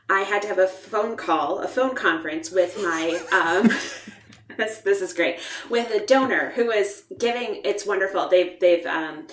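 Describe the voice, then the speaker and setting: A woman academic co-hosting a podcast, telling a story in an animated, emphatic way with laughter. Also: fairly low pitch, reverberant, far from the mic. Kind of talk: casual chat, storytelling.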